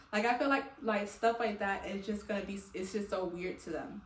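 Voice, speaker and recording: A woman's voice: mid-range voice, steady tone, quick pace, few pauses, slight background noise. A woman vlogger venting casually to her viewers, rambling with many fillers and laughing between thoughts. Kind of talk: casual heartfelt venting to camera. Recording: echoey room, a little far from the mic.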